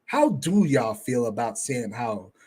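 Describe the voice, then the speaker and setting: A man on as a guest who talks football in a casual, measured way, often hedging his points. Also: mid-range voice, husky. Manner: relaxed, measured, hedging with "I mean". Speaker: guest fan analyst. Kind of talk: casual sports talk.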